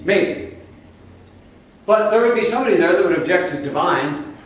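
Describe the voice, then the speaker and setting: A man's voice: high-pitched, expressive, normal speed, slight background noise. A man giving a sermon as a spiritual teacher, emphatic and repetitive, talking directly to his listeners. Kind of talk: sermon to a live audience. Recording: very echoey room from a distance.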